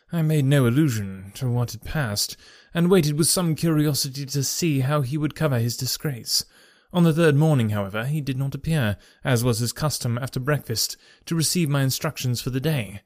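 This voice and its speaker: A man narrating a story aloud in a measured, formal storytelling manner. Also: medium pitch, darkish tone, dry recording, clean studio sound. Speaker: audiobook narrator. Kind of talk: scripted narration.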